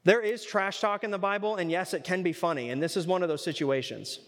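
A man's voice: high voice, brisk, a bit bright, big-room sound. A man preaching a Bible study, conversational and fond of rhetorical questions. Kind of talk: sermon.

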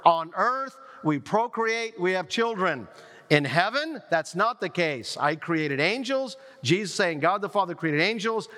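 Storytelling preacher in a reverberant hall. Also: male voice, a little high. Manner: storytelling, lively retelling with quoted voices. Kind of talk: sermon. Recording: long reverb of a large hall.

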